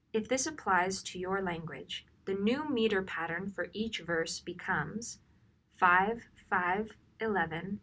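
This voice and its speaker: A woman narrates a training lesson in a clear, bright voice. She speaks slowly and deliberately. She stresses the example lines to show their rhythm. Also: mid-range voice. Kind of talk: scripted instructional narration.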